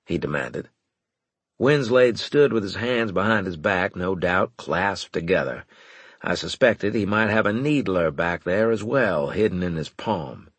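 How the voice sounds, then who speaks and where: A man narrating a first-person audiobook with wry, lively storytelling. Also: sits low, a little slow, breathy edge, no room sound.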